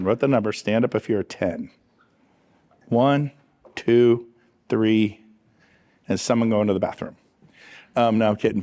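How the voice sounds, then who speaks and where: A middle-aged man giving an energetic motivational talk on stage, quizzing and teasing his audience. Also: mid-range voice. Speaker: real estate coach on stage.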